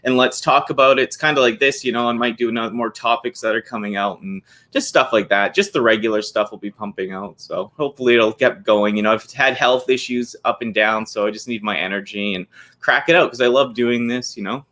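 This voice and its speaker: A man's voice: medium pitch, steady tone, brisk, a bit bright. A man hosting a podcast in casual chat, who talks in a chatty, enthusiastic and rambling way and reads out listener questions. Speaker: podcast host.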